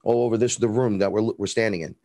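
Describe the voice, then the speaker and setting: A man with a New York Bronx accent, a guest in an interview, tells a rambling story bluntly, swearing and acting out what people said. He speaks fast, with a lowish, dark-toned voice, and the recording is dry.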